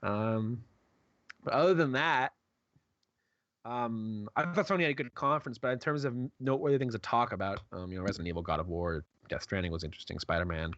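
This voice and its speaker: A man's voice: on the low side, brisk, fairly bright tone, no echo. A man co-hosting a podcast over an online call, chatting bluntly and rambling a bit. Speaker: podcast co-host. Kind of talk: casual chat. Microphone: online call microphone. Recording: dry lo-fi online call audio.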